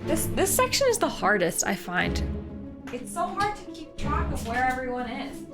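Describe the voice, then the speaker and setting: Canadian woman streaming a game, chatty and playful, talking to herself, game music loud behind. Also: sits high, big pitch swings, moderate pace. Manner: thinking aloud, playful self-talk. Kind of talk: live game stream commentary.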